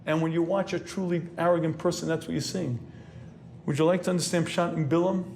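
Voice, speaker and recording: A man, a rabbi, preaching a sermon in an earnest, lecturing way, often clearing his throat as he goes. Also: fairly high pitch, steady tone, fast, a little mellow, slight background noise.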